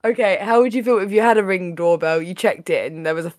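A woman hosting a casual podcast, chatty and playful, her voice a little raspy today. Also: on the low side, fast, a little mellow, no room sound, clean studio sound. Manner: chatty, playful, laughs often. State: slightly raspy voice. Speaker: podcast host.

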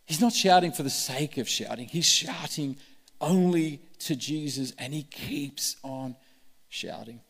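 A man's voice: a little high, lively intonation, a little slow, fairly bright tone, husky. A man preaching a sermon with passion, acting out the voices he quotes. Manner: impassioned, acts out quoted voices. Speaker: pastor. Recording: long hall reverb.

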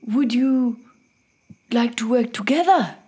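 A solemn male warrior speaks formally, his voice pitched up and deliberate, played by a woman at a tabletop game. He is earnest and measured. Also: mellow, breathy edge, heavily acted. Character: male warrior proposing an alliance.

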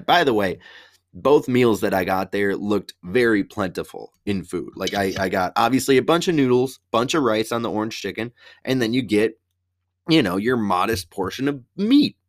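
A man's voice: medium pitch, no room sound, clean studio sound. A man on a casual, rambling rant, heated and swearing heavily.

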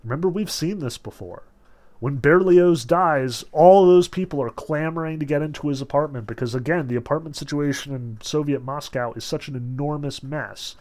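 Animated man explaining a novel. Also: a little high, moderate pace. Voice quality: animated, swings into raised voices when quoting characters. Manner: blunt, casual asides while explaining. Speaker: literature lecturer. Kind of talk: reading aloud and commenting on a novel.

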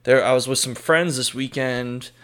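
A man's voice: mid-range voice, steady tone, moderate pace, a bit bright, clear, resonant tone. A man co-hosting a podcast, telling a story in laid-back casual chat with lots of fillers. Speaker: podcast co-host.

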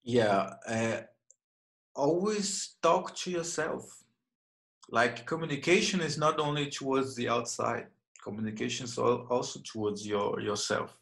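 A man in his thirties, a martial arts instructor, answering interview questions in a reflective, halting way with many restarts. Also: medium pitch, creaky, fairly bright tone, poor audio. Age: 30s.

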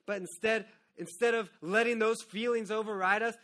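Bright-voiced preaching man. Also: sits high, fairly even intonation, normal speed. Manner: earnest, personal preaching, swinging from hushed to loud. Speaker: pastor. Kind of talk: sermon.

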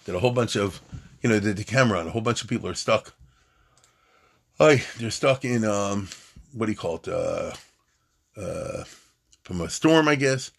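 A man's voice: fairly low pitch, expressive, normal speed, creaky, long pauses, a bit bright, breathy edge. A man teaching Talmud in a chatty, digressive lecture style, often restarting his sentences.

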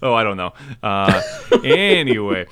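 A man's voice: fairly low pitch, fairly bright tone, clean tone. A man co-hosting a podcast in casual chat, playful and teasing. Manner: playful, teasing, quick to laugh. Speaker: podcast co-host.

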